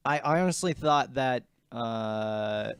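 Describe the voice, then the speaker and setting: A man's voice: medium pitch, takes it slowly, clean tone, dry recording. A man co-hosting a movie review show in casual chat, laid-back and hedging, with lots of yeahs.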